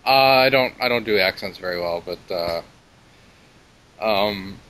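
A man co-hosting a podcast, explaining things in a measured way with dry humour. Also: lowish voice, a bit bright, rough recording. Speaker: podcast co-host. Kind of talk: casual conversational interview.

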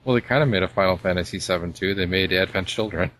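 A man with a very low voice talks casually on a podcast. He explains things at a relaxed pace. A faint hiss sits under the recording. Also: quick pace. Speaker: podcast co-host. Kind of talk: casual chat.

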